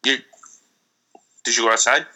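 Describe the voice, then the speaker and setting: A man co-hosting a casual podcast, rambling through an animated story with frequent laughs. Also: mid-range voice, normal speed, poor audio. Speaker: podcast co-host. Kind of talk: casual chat.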